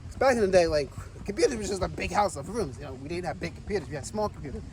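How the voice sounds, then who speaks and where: A man vlogging while walking outdoors, rambling and repeating himself excitedly and a little out of breath. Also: sits high, rapid-fire, far from the mic, low-quality recording. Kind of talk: casual walking vlog. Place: outdoors on city streets, walking. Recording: street noise behind the voice. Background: traffic and street noise.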